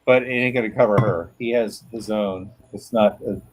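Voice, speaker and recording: A man's voice: fairly low pitch, steady tone, moderate pace, rough recording. A middle-aged man in casual chat, rambling through profane stories with lots of laughter.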